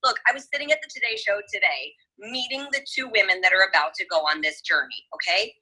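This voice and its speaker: A woman's voice: mid-range voice, lively intonation, quick pace, bright, forceful tone, slightly rough, poor audio. A woman hosting a casual chat, talking emphatically and turning to address her listeners directly. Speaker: host.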